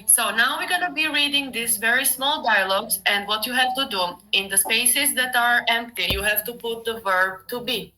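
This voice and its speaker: A woman's voice: on the high side, normal speed, few pauses, pushed and bright, low-quality recording. A woman tutoring a student on a video call, patient and encouraging, correcting his pronunciation. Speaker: language tutor. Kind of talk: casual online tutoring.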